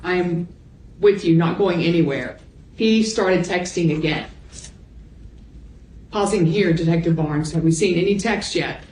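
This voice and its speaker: A woman prosecutor reading messages and timestamps aloud into the court record in a measured voice. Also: lowish voice, a little mellow, a little hiss or hum. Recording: echoey courtroom audio.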